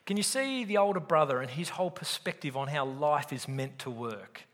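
On the high side and a bit bright, the man's expressive voice moves at a moderate pace through his sermon. In the echoing church he speaks emphatically to the gathered crowd and questions them directly.

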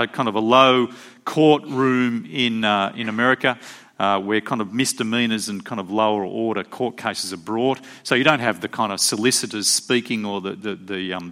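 Animated preacher, man. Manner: animated storytelling, acts out quotes with rising pitch. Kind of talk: sermon.

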